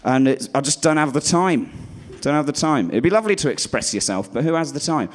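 A man's voice: lively intonation, a little fast, a little hiss or hum. Guy doing stand-up, rambly and self-deprecating, voice swoops up and down a lot, mutters stuff under his breath. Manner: rambling, self-deprecating, trailing off into low asides. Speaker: stand-up comedian. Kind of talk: stand-up routine.

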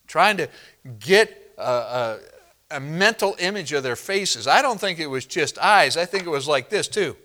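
Slow, bright-voiced man preaching emphatically. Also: high-pitched. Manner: emphatic, reads scripture slowly and deliberately; addresses congregation directly. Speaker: pastor. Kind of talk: expository sermon.

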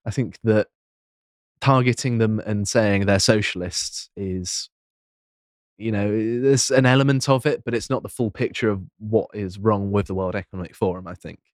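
Low-pitched male podcast host, casual and measured, lots of ums, dry close mic. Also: dry recording. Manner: reads quotes aloud, measured, frequent ums. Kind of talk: casual political discussion.

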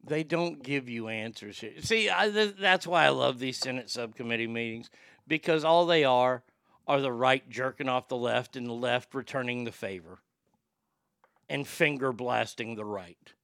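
A man's voice: medium pitch, moderate pace, gravelly, a bit bright, clean tone, no room sound, studio quality. A man hosting a show and ranting in blunt, profane commentary, acting out quoted exchanges. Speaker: podcast host.

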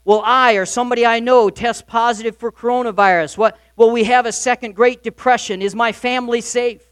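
High-voiced preacher man, dry and close. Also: fairly even intonation, fairly quick, clean tone, no echo. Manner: emphatic preaching, swinging between loud and soft. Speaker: pastor. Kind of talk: sermon.

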